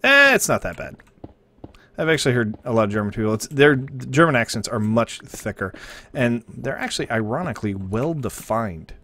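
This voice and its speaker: A man's voice: medium pitch, very animated, normal speed, pushed and bright. A man hosting a casual game livestream, talking to his chat. He jokes, rambles and loses track as messages pile up, in an ordinary mid-range voice. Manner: joking, rambling, easily distracted by chat. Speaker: livestream host. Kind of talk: casual chat with viewers while gaming.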